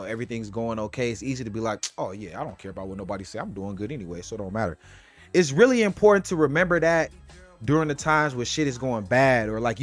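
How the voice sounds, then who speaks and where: A man delivers a blunt, profane motivational talk straight to the camera. His pitch sits in an ordinary middle range. Faint music plays under the voice. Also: fairly bright tone. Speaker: vlogger giving life advice. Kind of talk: casual motivational monologue to camera.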